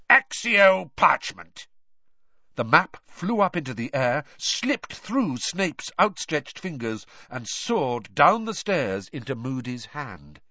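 A man narrating an audiobook in an expressive storytelling read. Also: medium pitch, no echo. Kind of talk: scripted narration. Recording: dry, slightly dull recording.

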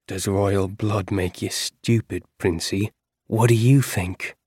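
A man voicing a sneering, cruel man who taunts with slow mockery in an audiobook. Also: lowish voice, fairly even intonation, a little mellow, husky, no room sound, studio quality. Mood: mocking.

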